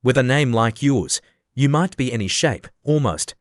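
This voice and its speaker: A haughty, touchy egg man, voiced by a man reading an audiobook. He lectures and quibbles in a self-important way, at a middle pitch. The sound is dry and close, with no room around it. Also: expressive, no echo, natural voice. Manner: haughty, argumentative and quick to take offence.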